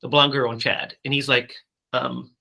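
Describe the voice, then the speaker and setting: A man co-hosting a casual movie podcast, recapping scenes in an animated, loose way with some swearing. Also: mid-range voice, moderate pace, vocal fry, low-quality recording. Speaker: podcast co-host. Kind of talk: casual movie-review chat.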